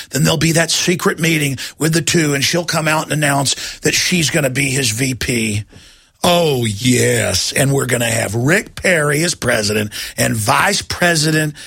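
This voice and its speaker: Gravelly, ranting male talk host. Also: mid-range voice, bright, forceful tone, no room sound, clean studio sound. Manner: combative, sarcastic, ranting. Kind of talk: political talk radio monologue.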